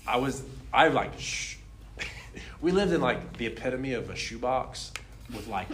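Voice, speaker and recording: A young man telling a personal faith testimony in a casual, animated way, laughing often and filling his talk with "like". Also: mid-range voice, measured pace, a little hiss or hum. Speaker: speaker sharing a testimony.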